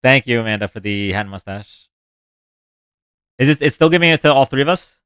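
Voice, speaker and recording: A sarcastic man reads political news on a live stream, breaking off to mock what he just read. His voice sits at an ordinary middle pitch and sounds dry and close, with no room echo. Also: animated, fairly quick, fairly bright tone, smooth. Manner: sarcastic, reads quotes then mocks them. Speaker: livestream host reading news. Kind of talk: casual commentary reading news aloud.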